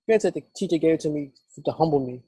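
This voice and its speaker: A man hosting a podcast, telling quick joking anecdotes in casual conversation. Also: fairly high pitch, lively intonation, warm tone, breathy edge. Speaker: podcast host.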